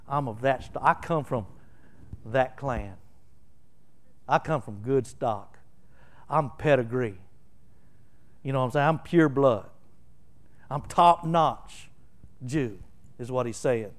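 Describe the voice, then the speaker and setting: A middle-aged preacher with a Southern Oklahoma drawl and a somewhat high voice. He talks in a folksy, storytelling way, then swells into big, emphatic peaks while walking through a Bible passage. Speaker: pastor. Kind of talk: sermon.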